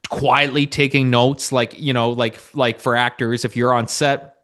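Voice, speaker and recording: A man's voice: mid-range voice, little pitch movement, unhurried, a bit bright. A man hosting a casual podcast, talking in loose, rambling sentences full of fillers and jokes. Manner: rambling, many fillers and restarts, jokey. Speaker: podcast host.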